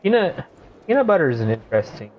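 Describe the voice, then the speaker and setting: A young man streaming a game, rambling through casual commentary with lots of swearing and excited outbursts. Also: on the high side, fast talker, highs cut off, a little hiss or hum.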